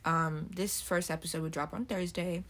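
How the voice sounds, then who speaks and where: A woman's voice: fairly low pitch, steady tone, moderate pace, fairly bright tone. A young woman hosting a solo podcast, rambling casually and swearing freely, her voice a little throaty from just waking up. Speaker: podcast host.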